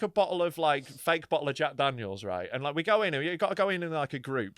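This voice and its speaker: A man hosting a podcast, telling stories in animated casual chat, swearing and laughing often. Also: medium pitch, no echo, clean studio sound. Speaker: podcast host.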